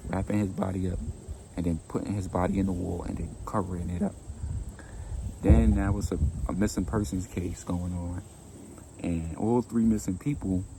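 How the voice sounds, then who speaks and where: A man telling a story in a laid-back, conversational way, with a gravelly voice. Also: deep voice, background noise. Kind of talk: casual storytime narration.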